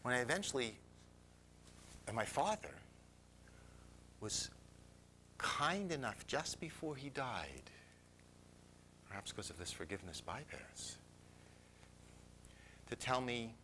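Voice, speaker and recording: An older man tells a personal story to a live audience. His voice is bright, and his pitch swings widely as he talks. He is self-mocking and sometimes drops to a whisper, with a faint rumble behind him. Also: big pitch swings, slow, long pauses.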